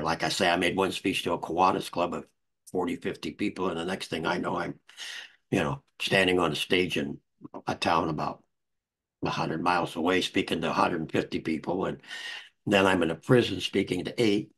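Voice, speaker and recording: Older male author guest, gravelly husky low voice, rambling anecdotal storyteller. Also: fairly even intonation, moderate pace. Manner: rambling, warm anecdotes with restarts. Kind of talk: conversational storytelling.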